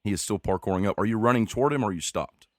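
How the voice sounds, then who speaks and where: A man's voice: lowish voice, very fast, dry recording, clean studio sound. A man running a tabletop game as game master, narrating the scene in a playful, teasing way.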